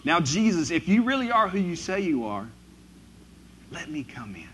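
A man voicing a dying man pleading with Jesus, halting over his words. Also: on the high side, big pitch swings, a bit bright, slightly rough, heavily acted.

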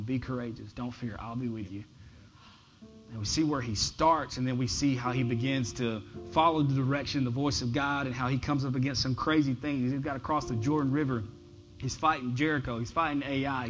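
A pastor preaching a sermon, shifting from loud, emphatic lines to soft, near-whispered ones and often repeating words as he starts a phrase. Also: mid-range voice, low-quality recording.

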